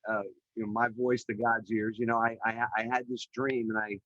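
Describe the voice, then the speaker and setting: A middle-aged man, a podcast guest, telling his career story in an energetic, chatty way with many fillers over a video call. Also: mid-range voice, a little fast, no echo, muffled recording. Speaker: podcast guest, real estate developer. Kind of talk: animated storytelling in an interview. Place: remote call.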